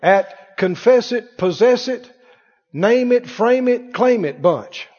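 A pastor delivers a sermon in a church sanctuary, his high, husky voice jumping up and down in pitch. He moves slowly and expressively, hammering his points loudly before sinking to almost a whisper. The recording sounds dull, with a long hall echo.

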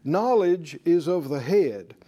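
Male preacher-teacher, higher register, warm and mellow, drives points home by repetition. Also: expressive, takes it slowly, muffled recording. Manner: emphatic, repetitive, leads call-and-response. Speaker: preacher teaching a faith class. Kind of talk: sermon-style Bible teaching.

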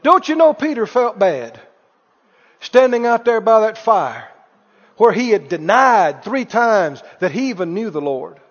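High-voiced animated preacher in a hall. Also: male voice, unhurried. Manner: animated preaching, acting out Bible dialogue, chuckling. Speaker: pastor. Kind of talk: sermon. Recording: dull sound with long hall reverb.

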